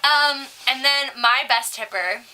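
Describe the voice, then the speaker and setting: Bright, foul-mouthed young woman. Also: high-pitched, measured pace, rough recording. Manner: profane, animated storyteller. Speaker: co-host. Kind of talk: casual chat.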